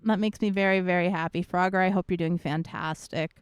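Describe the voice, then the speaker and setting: A woman's voice: mid-range voice, little pitch movement, normal speed, hardly any pauses, a little mellow, clear, resonant tone, no room sound, studio quality. A woman streamer in casual chat, greeting viewers one by one in a bubbly, playful way.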